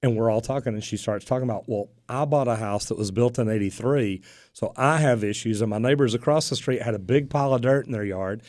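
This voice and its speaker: A man's voice: medium pitch, fairly quick, a little mellow, dry recording, clean studio sound. Easygoing man telling stories on talk radio. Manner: easygoing storyteller, acts out quoted dialogue. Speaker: plumbing business owner and radio show host. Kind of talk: casual radio talk show chat. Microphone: studio microphone.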